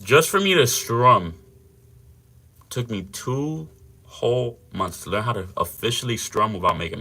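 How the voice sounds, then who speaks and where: A man's voice: on the low side, sharp tone. A young man hosting a fitness livestream, chatting casually with viewers in a slangy, laid-back way.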